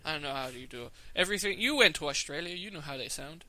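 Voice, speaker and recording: A young man with a very bright, forceful voice, bantering crudely and giggling as he co-hosts a casual podcast. His pitch sits a little high for a man. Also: expressive, fast talker, dry recording. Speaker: podcast co-host. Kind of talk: casual chat.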